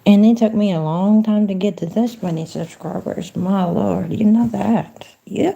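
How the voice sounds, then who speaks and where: A woman's voice: mid-range voice, normal speed, vocal fry, hardly any pauses, dark tone. A woman livestreaming from home in a folksy, chatty manner, talking to her viewers and to a phone voice assistant. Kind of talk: casual livestream chat.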